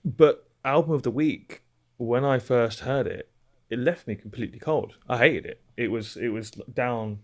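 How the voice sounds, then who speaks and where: A man's voice: medium pitch, normal speed. A young British man chatting casually as a podcast co-host, rambling and swearing now and then. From Britain. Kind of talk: casual chat.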